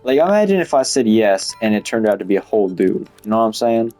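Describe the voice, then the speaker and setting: A man's voice: on the low side, very animated, fast talker, mellow, soft background music. A young man telling a story in a rambling, casual way, with lots of swearing and filler "like". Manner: rambling, swears a lot, heavy use of "like". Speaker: vlogger.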